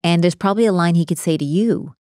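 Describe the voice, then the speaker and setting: A woman speaking as a relationship coach in a casual podcast conversation, animated and acting out the voices she quotes. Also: fairly low pitch, quick pace, dry recording, clean studio sound.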